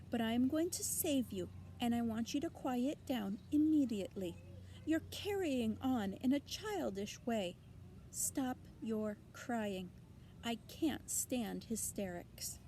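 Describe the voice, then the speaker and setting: A woman voicing a wise female spider who speaks sweetly, composed and brisk. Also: a little high, expressive, dark tone, slight background noise.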